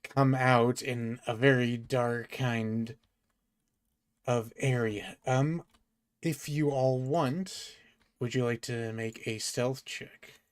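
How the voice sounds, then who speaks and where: A man narrating as game master in a tabletop role-playing game, measured and hesitant. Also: mid-range voice, steady tone.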